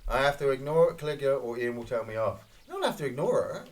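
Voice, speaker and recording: A Scottish man giving casual, excitable gameplay commentary, swearing and reacting loudly to each kill. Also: mid-range voice, fast talker. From Scotland. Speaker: gaming streamer.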